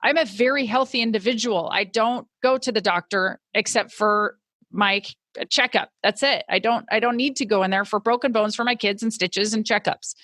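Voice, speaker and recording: A woman's voice: medium pitch, a bit bright, no echo. Earnest woman telling her story. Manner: earnest and reflective, slows down for emphasis. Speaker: podcast host telling her own story. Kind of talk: personal storytelling monologue.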